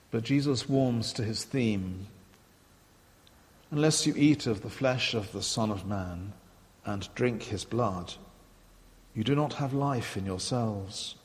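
Preacher, male, unhurried, reflective sermon voice with long church reverb. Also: medium pitch. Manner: measured, reflective, quoting scripture aloud. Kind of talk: sermon retelling scripture.

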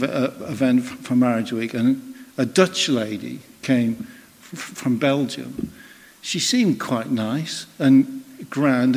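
A man's voice: medium pitch, slightly rough. A man preaching a sermon in a conversational, storytelling way, acting out the voices of people in his stories. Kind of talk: sermon with personal anecdote. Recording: long reverb of a hall.

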